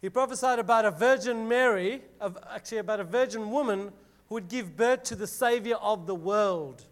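A man leads a casual Bible lesson for a group, his voice pitched high. He reads the scripture aloud with drama, then breaks it down in everyday words, with plenty of "like" and "right?". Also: brisk. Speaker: youth preacher. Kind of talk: Bible teaching talk to a group.

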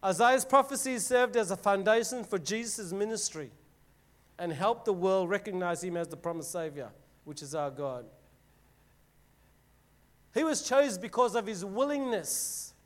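Casual high-voiced man teaching scripture. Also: lively intonation, moderate pace. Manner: casual, dramatic scripture reading with filler words. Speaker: youth preacher. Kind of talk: Bible teaching talk to a group.

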